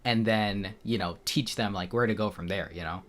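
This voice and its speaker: A young man co-hosting a casual live stream chat, telling jokey stories in an animated way. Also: on the low side, moderate pace. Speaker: podcast co-host.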